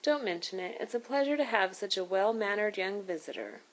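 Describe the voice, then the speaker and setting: A woman's voice: mid-range voice, lively intonation, brisk, dull audio, natural voice. A woman voicing a caring, scolding grown woman in a read-aloud storybook. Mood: warm. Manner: fussing and motherly.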